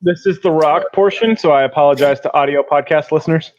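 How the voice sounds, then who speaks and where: A man's voice: fairly high pitch, fairly quick, a little mellow. A man hosting a podcast in casual chat, making wry joking asides. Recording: dull lo-fi mic.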